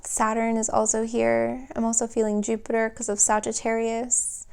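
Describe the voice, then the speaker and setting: A woman's voice: on the high side, monotone, normal speed, vocal fry, a little mellow, smooth. A woman giving a tarot reading, thinking aloud and often exclaiming with emotion. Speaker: tarot reader.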